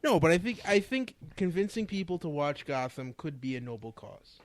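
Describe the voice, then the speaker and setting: A man co-hosting a podcast in casual chat, dry and understated, backing the host with steady "mm-hmm"s. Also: a little high, normal speed.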